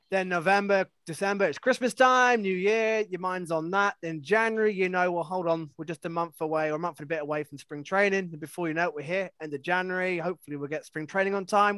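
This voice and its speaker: A man co-hosting a podcast, talking in a chatty, rambling way and poking fun at himself. His voice sits high for a man. The sound is close and dry, with no room echo. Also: fairly bright tone, smooth. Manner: chatty, rambling, self-mocking. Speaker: podcast co-host. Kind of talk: casual podcast chat.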